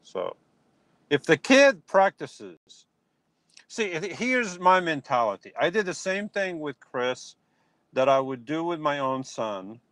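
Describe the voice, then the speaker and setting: A man's voice: a little high, slow pace, dry recording. A man talking casually on a live stream from his phone, reacting and answering viewers' comments. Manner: animated, talks back to chat comments. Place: outdoors in a yard at dusk.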